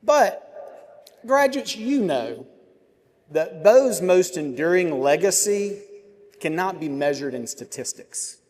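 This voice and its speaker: A man, giving a commencement address with measured oratory, dramatic pauses and vivid storytelling. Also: sits high, sing-song, a little mellow. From Georgia, US. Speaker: commencement speaker. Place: large ceremony venue. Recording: long reverb of a large venue.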